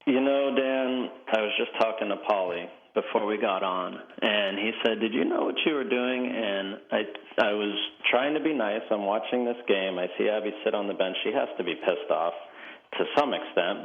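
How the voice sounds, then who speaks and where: Deep-voiced man on a dull remote line. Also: normal speed. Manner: easygoing, wry and self-deprecating. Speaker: guest, retired soccer player. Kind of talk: relaxed interview.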